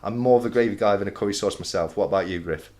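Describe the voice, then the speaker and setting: A man from the Midlands with a Northern English accent, hosting a casual chat, halting and repeating himself, often laughing. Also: on the low side, darkish tone. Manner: hesitant, repeats words, bursts into laughter. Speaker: host. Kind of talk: casual live-stream chat.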